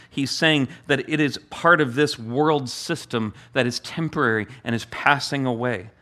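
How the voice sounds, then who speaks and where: A male pastor preaches at an easy, middling pitch, talking more than declaiming. He often stumbles and restarts, repeating words as he builds a point, and his delivery is plain and unpolished. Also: sharp tone. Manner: acts out the master's amused voice with a higher pitch. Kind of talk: sermon.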